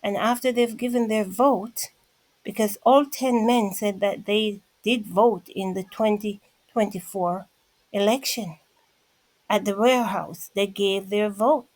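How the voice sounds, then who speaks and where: A woman's voice: mid-range voice, fairly even intonation, unhurried, a little mellow, no room sound, poor audio. A woman vlogger giving a casual commentary monologue, emphatic and repetitive, speaking straight to her listeners.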